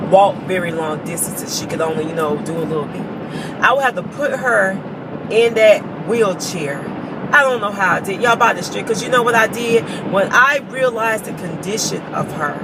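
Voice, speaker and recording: A woman tells her viewers a personal story in an earnest, heartfelt way, her voice catching as she holds back tears. A steady hum of noise sits behind her voice. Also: mid-range voice. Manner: emotional, earnest, addresses viewers as y'all. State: choked up with tears. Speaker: vlogger.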